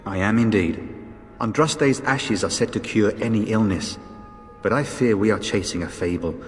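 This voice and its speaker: Worried polite knight, low voice from a guy actor, game audio with long echo, faint music. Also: normal speed, close to an everyday voice. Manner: formal, courteous, anxious. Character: worried noble male knight on a quest.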